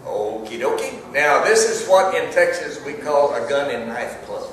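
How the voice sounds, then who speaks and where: A man's voice: fairly high pitch, expressive, fairly bright tone, slight background noise. Older man telling a rambling story. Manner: rambling, fills pauses with um and uh. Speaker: actor on a Q&A panel. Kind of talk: casual storytelling. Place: festival hall with a live audience. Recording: echoey hall, mic heard from a distance.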